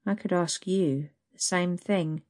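A woman's voice: fairly low pitch, takes it slowly, a little mellow. A woman voicing a smug male coworker who talks in a taunting, knowing way. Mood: teasing.

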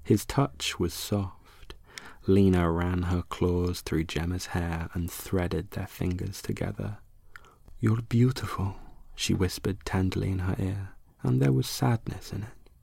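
A man reads a dark erotic story in a deep, gravelly, unhurried voice that slips into hushed near-whispers. The close mic gives a dry, dead sound with a husky edge. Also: fairly even intonation, no echo. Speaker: narrator. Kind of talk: erotic horror audiobook narration.

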